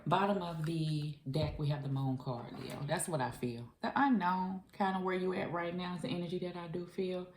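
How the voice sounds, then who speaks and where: A woman's voice: on the low side, steady tone, moderate pace, hardly any pauses, roomy sound, noisy background. A woman giving a chatty, emphatic tarot reading to her viewers, speaking casually with frequent profanity. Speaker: tarot reader.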